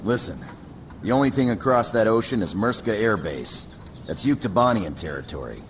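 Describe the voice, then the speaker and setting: An actor playing a gruff, cynical fighter squadron captain in a game cutscene, talking bluntly. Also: male voice, fairly low pitch, animated, moderate pace, a little hiss or hum, lightly acted.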